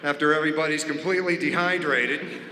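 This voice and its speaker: A man's voice: fairly high pitch, fairly even intonation, fast talker, pushed and bright, slight background noise. A man doing a stand-up comedy routine on a theater stage, acting out characters and mimicking beeps and dings. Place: large performing arts theater stage. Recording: echoey hall, live audience ambience.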